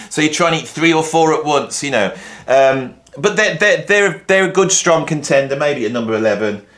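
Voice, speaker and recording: A man's voice: medium pitch, fairly bright tone. A middle-aged man, ranking things in a rambling, mock-indignant monologue with dry humor. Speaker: video host.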